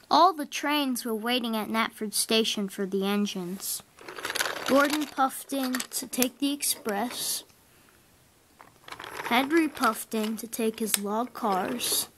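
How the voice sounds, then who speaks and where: A woman narrating a homemade toy train story in a plain, unhurried way. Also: on the high side, a bit bright, slight background noise.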